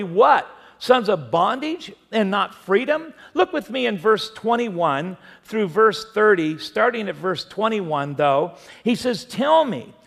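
Male pastor, high and gravelly voice, chatty sermon full of jokey anecdotes, long church reverb. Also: fairly bright tone. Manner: conversational preaching with humorous anecdotes.

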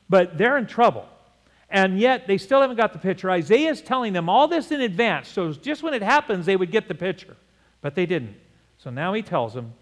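An older man preaches with emphatic, repetitive delivery, asking his listeners to echo phrases back to him. His voice sits a little high for a man. It rings with a long reverb, as in a large hall. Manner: emphatic preaching, repeats words, asks congregation to repeat. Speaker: pastor. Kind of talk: sermon.

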